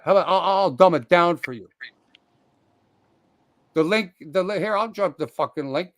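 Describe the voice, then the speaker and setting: A man's voice: high-pitched, moderate pace, pauses often, dry recording. Profane, ranting man on a live stream. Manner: profane, confrontational, calls out people by name; rambling, with frequent restarts and sudden loud outbursts. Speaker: live streamer hosting his own stream. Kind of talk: heated live-stream rant.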